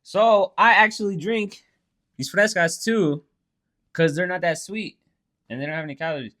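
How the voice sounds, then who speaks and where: A man's voice: high voice, moderate pace, sharp tone. A man co-hosting a casual podcast, profane and teasing, laughing often as he tells stories. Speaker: podcast co-host. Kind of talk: casual chat. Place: Phoenix.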